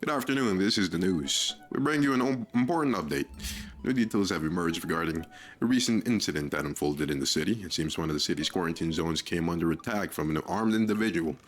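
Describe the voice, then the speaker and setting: A man's voice: deep voice, expressive, quick pace, soft background music. A man voicing a stiff male news announcer with a formal, read-aloud delivery.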